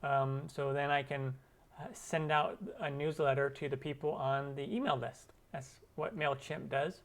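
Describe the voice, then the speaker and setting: A man's voice: medium pitch, steady tone, measured pace. A man hosting a cooking channel's live stream Q&A, chatting loosely with viewers and using many fillers. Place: lives in Arizona.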